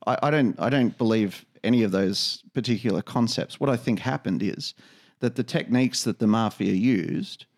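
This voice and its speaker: A man's voice: mid-range voice, moderate pace, darkish tone. A man co-hosting a podcast, talking in a rambling casual way with many restarts and fillers. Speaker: podcast co-host. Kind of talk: casual conversation.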